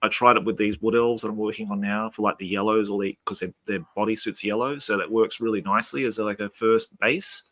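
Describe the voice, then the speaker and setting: A man's voice: fairly low pitch, fairly even intonation, brisk, few pauses, a bit bright, no echo. A man hosting a casual hobby chat, giving easygoing, rambling explanations. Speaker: channel host. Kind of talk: casual hobby chat over video call.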